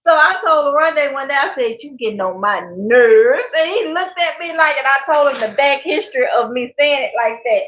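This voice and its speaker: A chatty woman talks casually to her live stream viewers, laughing often as she answers comments. Her voice sits high, and the sound is dull and lo-fi in a roomy, echoey space. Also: a little fast, hardly any pauses, bright, forceful tone. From Mississippi. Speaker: channel host.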